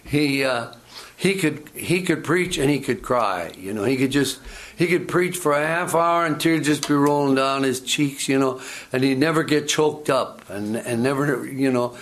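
A man's voice: mid-range voice, moderate pace, fairly bright tone. An older man preaching a sermon, talking in a conversational, storytelling way that often stops and repeats words. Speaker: pastor.

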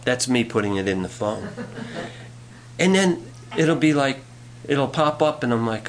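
A man's voice: medium pitch, lively intonation, unhurried, crowd noise. A male pastor preaching a sermon in a folksy way, telling jokes and reading scripture aloud.

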